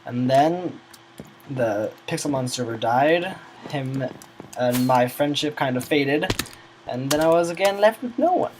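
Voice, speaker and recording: A man's voice: mid-range voice, animated, measured pace, a little hiss or hum, poor audio. A teenage boy telling a long, rambling story about gaming friends, often losing his train of thought. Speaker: gamer recounting a server's history.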